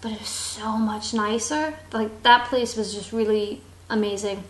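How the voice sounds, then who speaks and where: A young woman telling a casual travel story, animated and acting out the voices of the people in it. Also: medium pitch, unhurried, echoey room. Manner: animated, acts out quoted voices. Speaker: vlogger.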